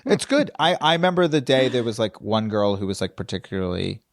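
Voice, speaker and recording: A man's voice: lowish voice, brisk, no room sound, clean studio sound. A man who is a comedian, a guest on a podcast, telling wry, self-deprecating stories in casual chat.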